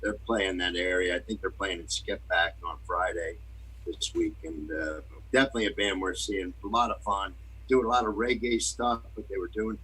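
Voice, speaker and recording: A man's voice: low-pitched, fairly even intonation, normal speed, pushed and bright, husky, rough recording. A man co-hosting a podcast, chatting casually and telling laid-back stories. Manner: laid-back storyteller, playful impressions. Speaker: podcast co-host. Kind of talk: casual chat.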